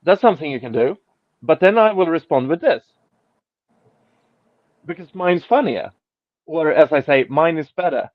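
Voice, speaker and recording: Reading tweets aloud on his podcast, a male host mocks and swears his way through an online argument in a casual chat. He has a fairly high, animated, creaky voice at normal speed and pauses often. The sound is dull, lo-fi and dry.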